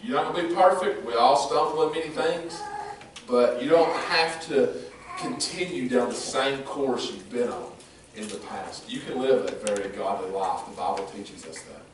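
A man's voice: medium pitch, lively intonation, moderate pace, noisy background. Pastor guy preaching fired up, voice jumps all over, big echoey church heard from far back. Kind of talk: sermon.

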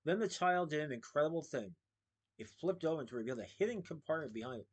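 A man reading a children's book aloud, steady with small slips and restarts. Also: a little high, fast, slightly rough.

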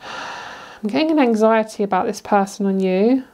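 A woman's voice: medium pitch, moderate pace, darkish tone, slight background noise. Chatty British woman reading tarot cards. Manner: chatty, giggly, rambling with fillers. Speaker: tarot reader. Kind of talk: casual pick-a-card tarot reading.

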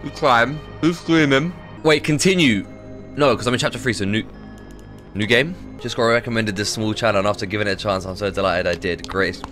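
A man streaming a game live, reacting loudly and excitably with lots of swearing. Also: fairly low pitch, a little fast, faint music behind. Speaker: gaming streamer. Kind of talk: casual live-stream gameplay commentary.

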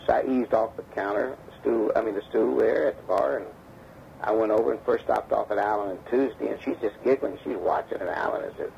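A deep, heavily gravelly male voice recounting a personal story in an interview, slipping into the voices of the people in it. The sound is dull and lo-fi, taken from a damaged old tape with a faint hiss underneath. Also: fairly quick. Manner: animated storyteller acting out quoted dialogue. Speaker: interview guest, former bodyguard.

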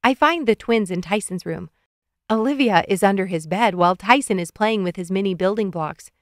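A woman narrating a children's audiobook in an expressive first-person storytelling manner, close to the mic. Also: medium pitch, normal speed, no echo.

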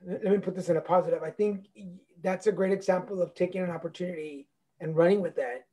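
A man's voice: high-pitched, steady tone, fast, warm tone, poor audio. A man hosting a podcast in a casual interview, reflective and encouraging as he searches for his words. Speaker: podcast host.

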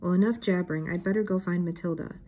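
A woman's voice: lowish voice, steady tone, fast talker, warm tone, husky, rough recording. A woman reading aloud and voicing a friendly, practical male farmer. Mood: folksy. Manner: folksy, practical.

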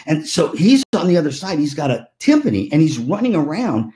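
Animated older man telling stories. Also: a little high, a little fast, hardly any pauses. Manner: animated, acts out voices in anecdotes. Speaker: keynote speaker. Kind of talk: storytelling keynote. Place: virtual conference talk.

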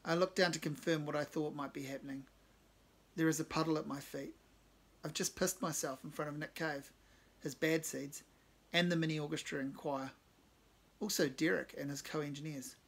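A man narrating his own short story in a measured, understated way. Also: on the high side, fairly even intonation, creaky, slightly rough.

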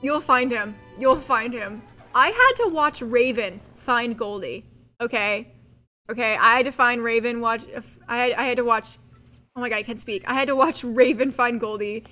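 A woman streaming a game, chatting casually with viewers, reading chat aloud and squealing with excited giggles. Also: fairly high pitch, normal speed, faint music behind. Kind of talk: casual live-stream chat while gaming.

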